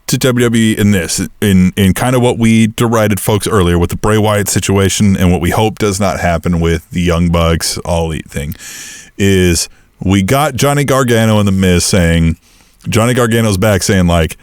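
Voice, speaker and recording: A man's voice: low-pitched, moderate pace, no room sound, clean studio sound. A man co-hosting a podcast, casually retelling wrestling storylines with lots of swearing and acted-out back-and-forth. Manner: animated storytelling, acting out both sides of a feud, frequent swearing. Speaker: podcast co-host. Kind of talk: casual chat.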